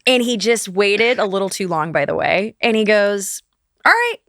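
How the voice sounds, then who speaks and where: A woman's voice: mid-range voice, moderate pace, creaky, no room sound, studio quality. A middle-aged woman from St. Louis, a guest in an interview, telling her story casually and acting out the voices of people she quotes. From St. Louis, USA. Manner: animated, acts out quoted dialogue.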